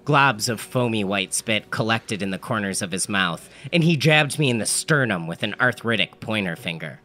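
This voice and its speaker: A man's voice: fairly low pitch, lively intonation, normal speed, bright, forceful tone, soft background music. A man telling an absurd comedic story in a dry, matter-of-fact manner. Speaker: narrator.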